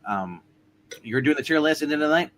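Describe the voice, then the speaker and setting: A man's voice: on the high side, animated, fast talker, a bit bright, a little hiss or hum. A man co-hosting a casual livestream, joking and teasing the others. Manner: jokey, teasing, laughs often. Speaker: co-host.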